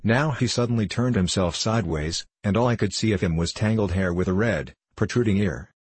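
Deep, husky male audiobook narrator. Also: no room sound. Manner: measured, storytelling.

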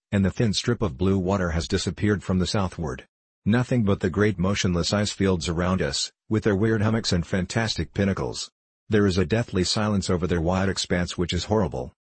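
Deep husky male storyteller. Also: normal speed, darkish tone, dry recording. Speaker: audiobook narrator. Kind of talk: scripted narration.

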